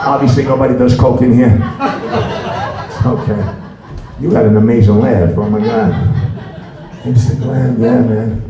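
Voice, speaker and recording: Rambling profane New comic, echoey club. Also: male voice, medium pitch, fairly even intonation, moderate pace. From New York. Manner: rambling, profane, peppered with "you know". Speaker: stand-up comedian. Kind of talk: stand-up comedy set. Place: comedy club with a live audience. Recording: echoey club with loud crowd.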